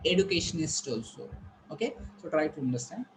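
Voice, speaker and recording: A man's voice: on the high side, lively intonation, moderate pace, noisy background. A man teaching an online pronunciation lesson, repeating words and quizzing his students. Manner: repetitive, drilling questions at students. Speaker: English teacher.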